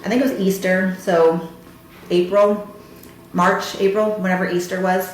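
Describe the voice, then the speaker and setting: Sharing a personal story on her podcast, this woman speaks emotionally and conversationally, leaning heavily on "you know" and "like." Her mid-range voice has little pitch movement at a normal speed. A very echoey room and a bit of hiss or hum color the recording.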